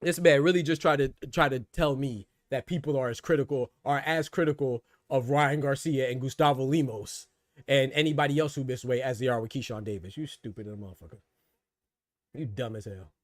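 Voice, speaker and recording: A man's voice: medium pitch, fairly quick, dry recording, clean studio sound. A man hosting a boxing livestream, ranting back at his chat in a heated, mocking way, stammering and repeating words. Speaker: boxing commentary livestream host. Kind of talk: livestream rant answering chat.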